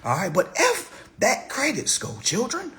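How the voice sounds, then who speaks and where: Fired-up preachy man with a lively high voice. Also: a little slow. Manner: preachy, mocking, emphatic with sudden loud jabs. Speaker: consumer-credit commentator. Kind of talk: animated monologue to viewers.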